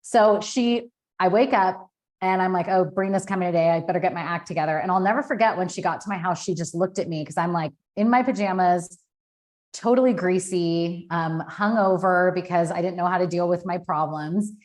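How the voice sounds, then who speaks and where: A woman's voice: on the low side, a little fast, a little mellow. A woman in her thirties, a podcast guest, telling a personal story in a candid, emotional way with many fillers. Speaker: podcast guest, business founder.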